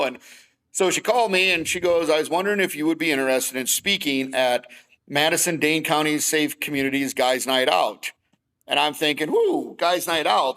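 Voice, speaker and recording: Podcast guest, middle-aged man, bright and forceful tone, lively storyteller. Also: on the high side, vocal fry, rough recording. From Wisconsin. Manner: animated storytelling, acting out both sides of conversations. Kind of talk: casual storytelling.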